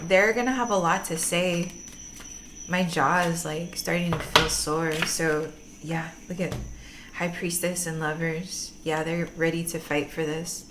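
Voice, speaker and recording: A woman's voice: on the low side, slight background noise. A woman giving a casual tarot reading, gushing and teary-eyed, laughing often and using slang. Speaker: tarot reader.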